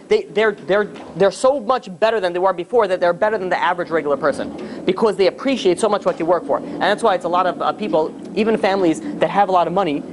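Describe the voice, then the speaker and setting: A man, a rabbi, giving a spoken lesson in an animated way, often repeating and restarting his words. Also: sits high, slight background noise.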